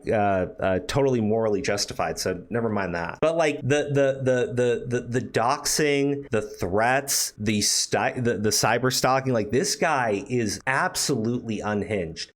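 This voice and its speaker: A young man hosting online commentary, talking in a profane, incredulous, animated way with lots of fillers. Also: medium pitch. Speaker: commentary host.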